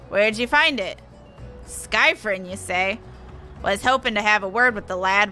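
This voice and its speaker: A woman voicing a gruff, grumbling male dock foreman in a video game, with folksy, clipped speech. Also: a little high, pushed and bright. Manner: folksy, clipped, dropped words. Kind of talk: reading game dialogue aloud.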